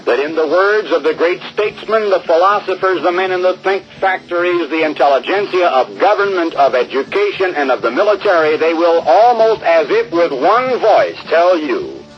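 A man's voice: medium pitch, lo-fi sound. A man preaching a radio sermon, emphatic and drawing out key words for stress.

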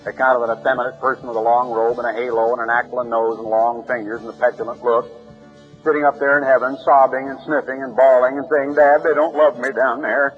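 A man's voice: medium pitch, little pitch movement, fast talker, soft background music. A man preaching an impassioned radio sermon, his voice swinging widely and rising in emphasis. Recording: muffled old radio broadcast.

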